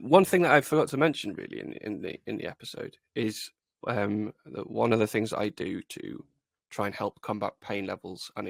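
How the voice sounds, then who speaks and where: Gravelly, stuffed-up man. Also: on the low side, no room sound, studio quality. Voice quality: gravelly, sweary and self-deprecating. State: congested from a cold. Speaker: podcast co-host. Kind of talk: casual chat.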